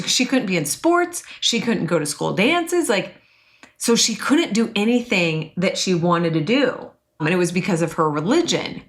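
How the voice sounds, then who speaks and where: A woman teaching about personality types in a chatty, expressive way, often acting out quotes. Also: medium pitch. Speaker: Enneagram coach and teacher. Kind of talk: casual teaching talk to an online class.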